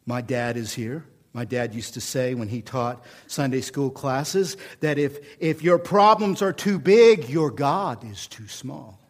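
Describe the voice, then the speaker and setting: A middle-aged pastor from Oklahoma with an Oklahoma accent, preaching a folksy, animated sermon full of humor and repetition. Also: male voice, medium pitch, a little slow, hardly any pauses.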